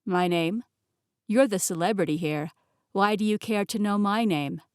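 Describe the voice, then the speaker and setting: A woman's voice: mid-range voice, moderate pace, clean tone, dry recording, studio quality, natural voice. Woman doing a teasing, charming young man. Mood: amused.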